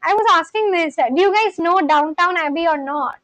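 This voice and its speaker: High-voiced woman chatting on a livestream. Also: normal speed, fairly bright tone, dry recording, poor audio. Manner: rambling, reads chat aloud and answers it. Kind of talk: casual live-stream chat.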